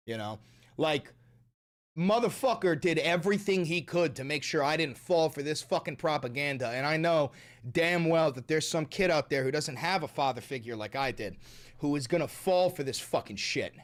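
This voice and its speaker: A man's voice: on the high side, expressive, moderate pace. A man streaming and commenting on the news in a casual way, swearing a lot and ranting in exasperation.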